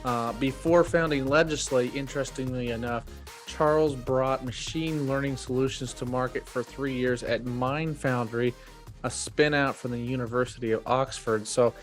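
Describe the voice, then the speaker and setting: A man from the United States hosting a podcast interview, talking casually with frequent fillers and restarts. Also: mid-range voice. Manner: relaxed, filler-heavy delivery. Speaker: podcast host.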